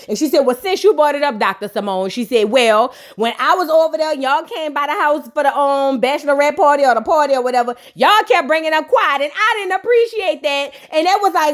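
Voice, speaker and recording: A woman's voice: sits high, a little fast, few pauses. A woman giving casual, sassy and profane reaction commentary on a reality show, acting out the cast's lines as she retells them. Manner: sassy, profane, animated retelling with quoted voices. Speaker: reality TV recap host.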